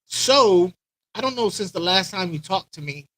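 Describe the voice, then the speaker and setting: A high-pitched man hosts a casual live stream from home, rambling and repeating lines as he greets viewers by name. His voice sits close and dry on the mic, with little room sound. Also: expressive, moderate pace, bright, forceful tone, no echo, low-quality recording. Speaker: aquarium channel host.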